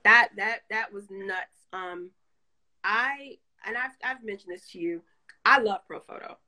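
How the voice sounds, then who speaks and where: Bright-voiced woman guest, candid storyteller. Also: medium pitch, a little slow, poor audio. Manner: candid, laughs often, tells stories. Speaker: guest photographer. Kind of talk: casual interview chat.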